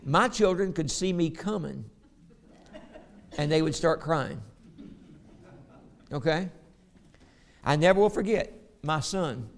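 A man's voice: on the high side, animated, slow, vocal fry, pauses often, a little hiss or hum. A middle-aged man preaching a sermon, telling stories and reading scripture aloud. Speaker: pastor.

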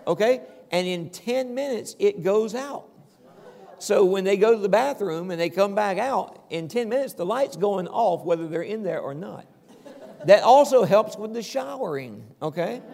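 An older man preaching a sermon in a relaxed, conversational way, checking in with his listeners and chuckling now and then. His voice sits somewhat high and carries a gravelly edge. The long reverb of a church hall trails behind each phrase. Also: normal speed. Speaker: pastor.

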